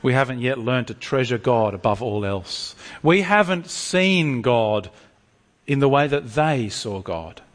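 A man preaching a sermon to a congregation, lively and animated, often stumbling over restarts. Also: mid-range voice, a little slow, long reverb tail.

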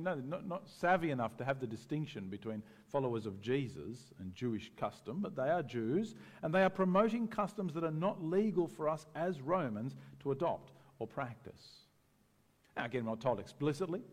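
A man preaching a sermon in a conversational, animated way, often acting out the voices of people in the story. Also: medium pitch, long reverb tail. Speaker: pastor.

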